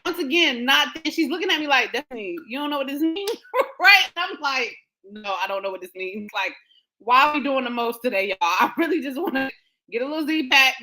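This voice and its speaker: A woman hosting a show, telling a personal story in a casual, animated way with frequent laughter. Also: high-pitched, poor audio. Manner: animated, laughing often, quotes others in dialogue. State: emotional, near tears. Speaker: podcast host.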